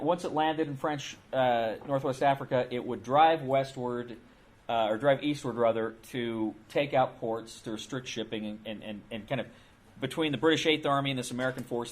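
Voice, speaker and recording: This man's voice sits in the mid range and moves at a normal speed as he gives a loose, informal history talk to a classroom. He speaks conversationally, circling back over his points with repeated phrases and frequent restarts.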